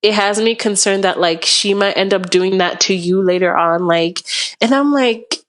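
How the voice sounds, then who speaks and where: A woman's voice: medium pitch, moderate pace. A young woman from Canada, a podcast guest, telling a long story in a rambling, casual way, full of "like" and acted-out quotes. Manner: rambling, heavy use of "like", acts out quotes.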